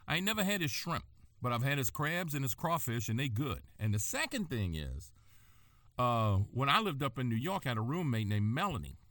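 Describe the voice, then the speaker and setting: Folksy New man with a lively voice. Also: medium pitch, brisk, no room sound, studio quality. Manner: folksy, drawling storyteller. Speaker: podcast host. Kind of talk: casual podcast chat.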